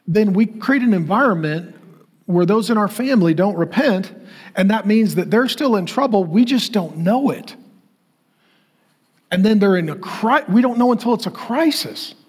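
Middle-aged male preacher, slightly higher voice, personal and then emphatic. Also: breathy edge. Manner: personal storytelling, rising to emphatic call-and-response questions. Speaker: pastor. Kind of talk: sermon.

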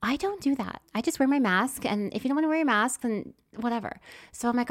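A woman telling a story in casual chat, swinging from whispers to loud exclamations as she acts it out. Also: a little high, animated, a little fast.

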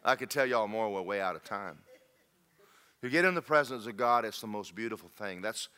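A man preaching a sermon in a church, telling stories and swinging from loud emphatic peaks to low quiet lines. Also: animated, a little fast, smooth. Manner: storytelling, rising to emphatic peaks then dropping low.

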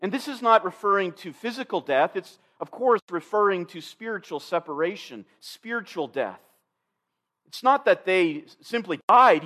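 A man's voice: sits high, fairly bright tone. A pastor preaching an expository sermon, addressing his listeners directly and repeating key phrases for emphasis.

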